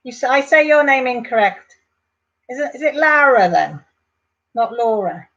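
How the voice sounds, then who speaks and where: High-pitched and very animated, a Welsh woman vlogger talks at normal speed over dull audio. She's on a casual home live stream, chatting warmly, rambling on, and addressing her viewers by name.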